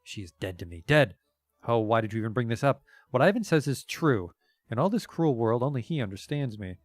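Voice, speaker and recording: A man's voice: mid-range voice, animated, a little fast, no echo, studio quality, close to an everyday voice. A man voicing an odd, plaintive young woman who lays eggs, reading from a game stream. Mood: bitter. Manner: sing-song rhymes turning to bitter grief.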